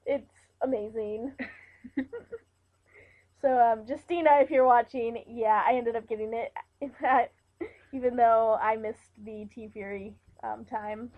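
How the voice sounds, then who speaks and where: A woman's voice: on the high side, fairly even intonation, takes it slowly. A young woman chatting casually in a vlog, playful and giggly, teasing her cousin. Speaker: vlogger. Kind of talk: casual chat. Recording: dull lo-fi webcam audio.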